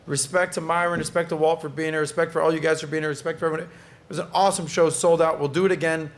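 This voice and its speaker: A man's voice: fairly high pitch, level tone, quick pace. A man hosting a casual podcast chat, upbeat and joking as he steers the talk. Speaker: podcast host.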